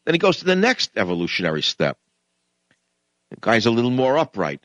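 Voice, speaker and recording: A middle-aged man hosts a radio talk show, ranting in a sarcastic, combative monologue. His voice sits at a middle pitch and swings between muttered asides and loud, lively outbursts. The sound is dry and close. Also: a little fast, pauses often, dry recording, dull audio.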